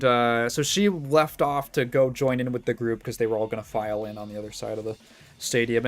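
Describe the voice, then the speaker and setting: A man with a Midwestern accent chatting casually as a streamer, rambling, restarting sentences and laughing often. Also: medium pitch. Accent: Midwestern American. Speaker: streamer reacting to a video. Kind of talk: casual chat.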